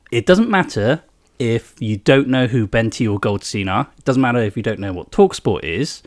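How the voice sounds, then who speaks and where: A man co-hosting a football podcast, teasing his friends and laughing a lot. His pitch moves up and down in a lively way. The sound is close and dry. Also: no room sound. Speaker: podcast co-host. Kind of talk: casual football podcast chat.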